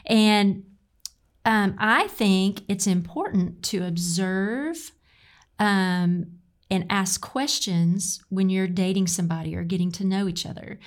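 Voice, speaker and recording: Middle-aged woman, Arkansas drawl, warm-hearted advice-giver in casual talk. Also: medium pitch, takes it slowly. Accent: Southern US, Arkansas. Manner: earnest, encouraging, drawls "y'all". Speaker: co-host.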